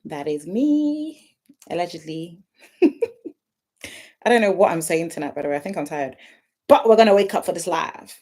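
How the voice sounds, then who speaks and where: A woman's voice: on the low side, creaky. Young woman, livestream host, chatty and playful, casual home setup. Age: 20s. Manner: chatty, playful, shouting out viewers by name. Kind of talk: casual livestream chat greeting viewers. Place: at home, her sister's house.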